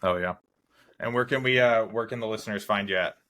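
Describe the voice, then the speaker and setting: A man hosts a podcast in a loose, friendly register, calling his guest dude and swearing freely. His voice sits fairly low. He rambles through thoughts with many restarts. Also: brisk, bright, forceful tone. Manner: laid-back, swears, calls guest dude. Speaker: podcast host. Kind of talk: casual interview chat.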